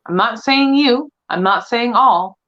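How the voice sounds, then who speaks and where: A woman's voice: on the high side, measured pace. Candid chatty woman, lo-fi audio. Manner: candid, chatty, laughs often. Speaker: podcast co-host. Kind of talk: casual chat. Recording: dull lo-fi sound.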